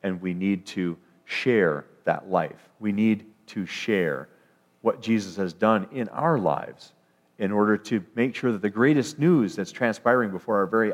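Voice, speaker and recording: A man preaching a sermon, emphatic, rising to declarations and often restarting his phrases. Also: lowish voice.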